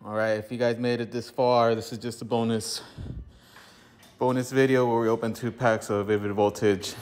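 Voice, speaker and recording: A man's voice: medium pitch, flat delivery, normal speed, darkish tone. A man talking casually to camera in a home garage gym, out of breath from exercise, laid-back and profane, with lots of fillers. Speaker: vlogger opening card packs. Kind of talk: casual vlog talk to camera.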